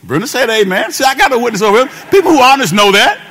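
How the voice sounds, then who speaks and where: A man's voice: very high voice, very animated, racing, pushed and bright. A male pastor preaching a sermon, calling out to the congregation and repeating phrases with a sing-song lilt.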